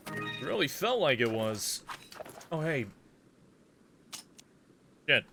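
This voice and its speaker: A man's voice: medium pitch, very animated, takes it slowly, gravelly, pushed and bright, faint music behind. A young man casually commenting and joking while playing a game, exclaiming and humming as he goes.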